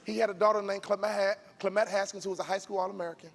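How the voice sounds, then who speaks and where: Emphatic gravelly-voiced keynote speaker. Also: male voice, sits high, flat delivery, very fast. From Chicago, US. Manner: emphatic, preacher-like cadence with shouted peaks. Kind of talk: motivational keynote. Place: large event arena stage. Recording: long hall reverb from live arena.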